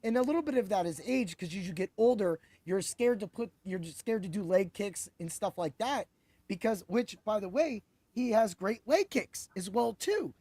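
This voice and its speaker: Excitable rambling male podcast host. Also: sits high, normal speed, no echo. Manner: excitable, rambling, self-correcting. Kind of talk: animated sports betting chat.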